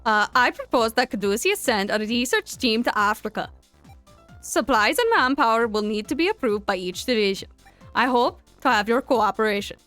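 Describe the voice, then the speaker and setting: A woman's voice: a little high, animated, moderate pace, a bit bright, no echo, faint music behind. A woman voicing an official who gives a grave, formal briefing in a put-on accent.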